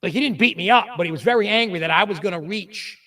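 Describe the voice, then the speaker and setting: A man with a high voice tells his stories with energy and drops lower to act out the people he quotes. He sounds a bit distant from the microphone, as if seated back from it, in a relaxed podcast chat. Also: fast. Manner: animated storyteller, acts out quotes in a lower voice. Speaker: podcast host. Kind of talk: casual chat, telling stories.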